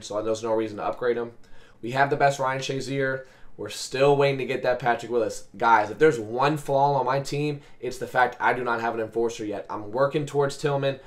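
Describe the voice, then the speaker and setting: A man with a raspy, hoarse voice from a cold, commenting on a football video game and cheering at plays. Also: medium pitch. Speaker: gaming commentator. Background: faint background beats.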